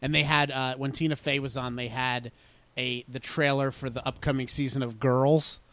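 A man co-hosting a casual podcast chat, telling stories in an animated way and laughing often. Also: mid-range voice, normal speed. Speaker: podcast co-host.

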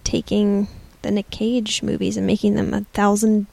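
A woman co-hosting a casual movie chat, rambling and animated as she retells the plot. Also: mid-range voice, normal speed, gravelly, a little hiss or hum. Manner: animated, rambling storyteller with many "like" fillers. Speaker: podcast co-host.

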